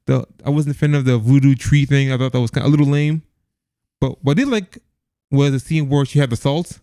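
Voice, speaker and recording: A man's voice: mid-range voice, fairly quick, mellow, dry recording. A man co-hosting a casual movie review podcast, rambling with lots of restarts and laughs. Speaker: podcast co-host.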